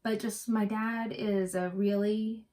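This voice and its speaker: A woman's voice: medium pitch, flat delivery, slow pace, dark tone. A middle-aged woman from West Virginia co-hosting a cross-stitch vlog, chatting and telling rambling stories. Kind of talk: casual chat.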